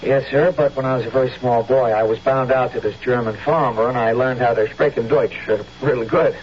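An actor playing a nervous, stammering young colonial soldier in a 1970s radio drama, from a dull old broadcast recording. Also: male voice, mid-range voice, fairly even intonation, a little fast, a little hiss or hum, close to an everyday voice. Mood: earnest.

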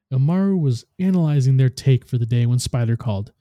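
Man narrating a story, steady expressive reading, very dark mellow voice, dry close sound. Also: mid-range voice, brisk, hardly any pauses, dry recording. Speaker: podcast host.

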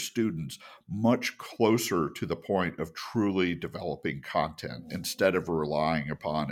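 This is a man co-hosting a podcast in relaxed conversation, with a deep voice. He explains things earnestly and lets his phrases drop lower as he finishes them. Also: slightly rough. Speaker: podcast co-host. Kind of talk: casual podcast discussion.

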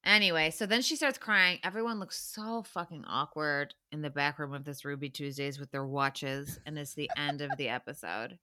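A woman co-hosting a podcast, recapping reality TV in animated casual chat and quoting the cast. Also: deep voice, moderate pace, hardly any pauses. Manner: animated, swearing, recounts scenes in quoted voices. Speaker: podcast co-host.

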